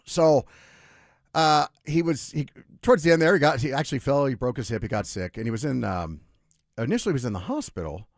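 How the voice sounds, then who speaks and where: Animated male sports radio host. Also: medium pitch, brisk, no room sound, clean studio sound. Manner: animated storyteller, lively with asides. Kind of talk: casual radio storytelling. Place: radio studio.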